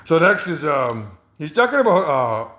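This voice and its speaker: A man's voice: a little high, very animated, normal speed, sharp tone. A man talking in a rambling monologue, hesitant, with many fillers, repeats and chuckles. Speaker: commentator. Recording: roomy echo.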